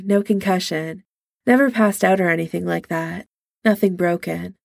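A woman reading a story aloud in a soft, intimate way, only lightly changing her voice for the dialogue. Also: mid-range voice, creaky, no room sound, studio quality. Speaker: reader. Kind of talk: audiobook-style story reading.

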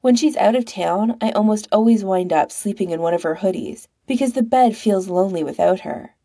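A woman's voice: medium pitch, fairly quick, mellow, natural voice. A woman doing a dry, knowing young man. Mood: pointed.

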